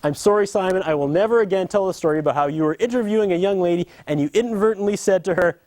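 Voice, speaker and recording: A man's voice: high-pitched, rapid-fire, darkish tone, dry recording. A man in his thirties delivering a sarcastic, mock-apologetic comedy monologue as host.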